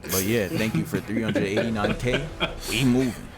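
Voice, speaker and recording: A man's voice: fairly low pitch, normal speed, a loud crowd. A man hosting a reaction channel, narrating a fight recap as a voice-over in a slangy, joking play-by-play.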